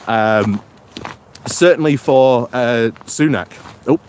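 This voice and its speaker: A man's voice: medium pitch, slow pace, darkish tone, a little hiss or hum. Rambling, chuckling man on a walk. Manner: rambling, chuckling often, greets viewers by name. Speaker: political vlogger reading live chat. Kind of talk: casual live-stream commentary. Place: outdoors on a morning walk.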